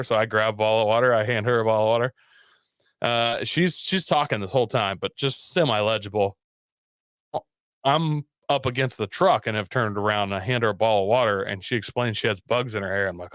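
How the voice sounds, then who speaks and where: A man's voice: mid-range voice, fairly quick, no echo, clean studio sound. Laughing, profane man telling a story. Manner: animated, profane, laughs often. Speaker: podcast guest telling a story. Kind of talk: casual storytelling chat.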